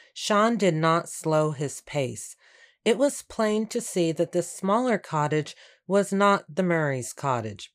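A woman reads a storybook aloud in a calm, unhurried way. Her voice sits a little low and stays even from line to line. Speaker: audiobook narrator. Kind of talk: scripted storybook narration.

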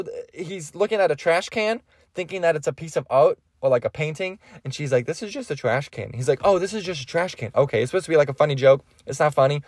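A young man with a slightly high voice rambles through his movie opinions, swearing freely and laughing at his own jokes. The sound is dry and close, with no room around it. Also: no echo. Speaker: podcast host. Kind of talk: casual solo movie chat.

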